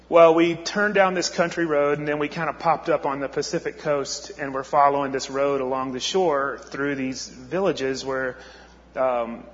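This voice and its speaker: A man's voice: medium pitch, fairly bright tone, a little hiss or hum. A male missionary speaker telling a story in a conversational way, with many restarts. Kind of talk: storytelling sermon. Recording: echoey hall, muffled sound.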